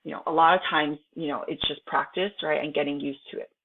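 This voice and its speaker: A woman teacher, native in Chinese, with a low voice and a gravelly edge to it. She reads out the lesson and then talks to her students in a loose, chatty way, checking in with "right?" again and again. The sound is thin and narrow, as if it came through a phone line. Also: steady tone, fast talker, a little hiss or hum. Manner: reads textbook aloud, then chats to students with frequent "right?" tags. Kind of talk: recorded online lesson. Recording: tinny phone-like home recording.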